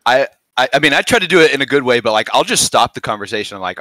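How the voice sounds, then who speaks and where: A man's voice: medium pitch, expressive, very fast, pushed and bright, dry recording. A man in his twenties, a podcast guest in casual chat, rambling and filling his talk with "like". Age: 20s. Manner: rambling, heavy use of "like".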